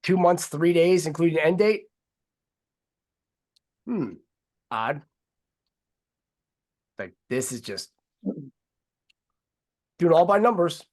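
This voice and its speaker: A man's voice: a little high, lively intonation, slow pace, pauses often, a little mellow. A man hosting a casual talk show, talking in long, heated, rambling runs and swearing freely. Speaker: host.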